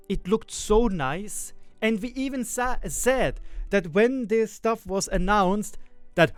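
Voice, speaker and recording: A man's voice: high-pitched, animated, normal speed, smooth, no echo, soft background music. A man, a gaming video maker, ranting with frustration and swearing, repeating himself as he vents. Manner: frustrated, profane, repetitive ranting. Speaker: gaming YouTuber. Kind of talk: ranting commentary.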